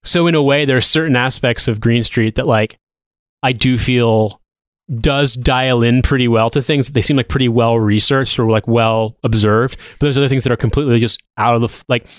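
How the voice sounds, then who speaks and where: A man's voice: medium pitch, fairly even intonation, moderate pace, clean tone, no room sound. A man in his thirties, co-hosting a casual podcast chat, rambling with many restarts and casual swearing. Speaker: podcast co-host.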